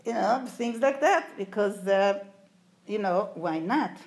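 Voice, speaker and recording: A woman's voice: mid-range voice, expressive, takes it slowly, slight background noise. Woman telling stories in an echoey room. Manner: storytelling, puts questions to the audience. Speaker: speaker recalling her father before an audience. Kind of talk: anecdotal talk to a live audience.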